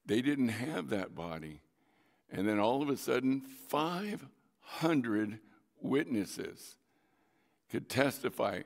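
A man's voice: mid-range voice, big pitch swings, takes it slowly, long reverb tail. A man preaching a sermon as a pastor, telling a personal story with emphasis and drawing out key words.

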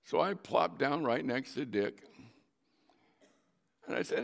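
A man's voice: mid-range voice, animated, slow, vocal fry, long reverb tail. A man preaching a sermon as a pastor, telling a personal story with emphasis and drawing out key words.

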